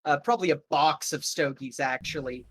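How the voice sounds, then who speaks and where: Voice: mid-range voice, moderate pace, fairly bright tone, husky. Rambling, casual game master. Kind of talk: narrating a tabletop game.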